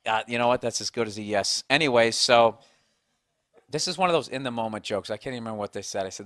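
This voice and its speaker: A man's voice: mid-range voice, sing-song, fast talker, no echo, clean studio sound. A man hosting a podcast, talking in a blunt, profane, ranting way, mocking himself as he goes. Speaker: podcast host. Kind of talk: casual chat.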